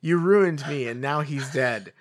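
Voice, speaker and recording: A man's voice: fairly high pitch, unhurried, lightly acted. A man voicing a treacherous old male wizard mentor in a comic dramatic reading of fan fiction, melodramatic and mock-wounded. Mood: self-pitying.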